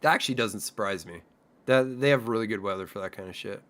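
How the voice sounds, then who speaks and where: A man's voice: lowish voice, fast talker, a bit bright. A young Canadian man streaming a game, rambling and swearing casually as he plays. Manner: rambling, profane, chatty. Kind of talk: casual gaming commentary.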